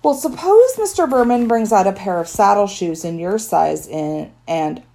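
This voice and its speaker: A woman's voice: mid-range voice, animated, moderate pace, creaky, dark tone. A woman voicing a fussy, worried mother who scolds and coaxes her sons. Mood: coaxing. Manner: fretful, scolding.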